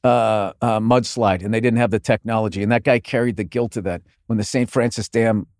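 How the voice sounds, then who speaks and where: A man's voice: on the low side, steady tone, brisk, darkish tone, no echo, studio quality. A man with a Boston accent, a podcast guest in casual chat, rambling and swearing, laughing through his own stories.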